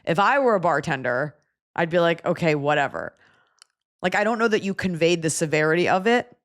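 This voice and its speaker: A woman hosting a podcast, telling a story in a casual, animated way with profane asides. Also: on the low side, a little fast. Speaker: podcast host.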